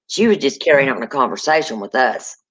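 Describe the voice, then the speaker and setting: A woman's voice: rumbling low, very animated, brisk, a bit bright, slightly rough. A woman guest telling ghost stories in a rambling, folksy way. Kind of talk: casual storytelling chat.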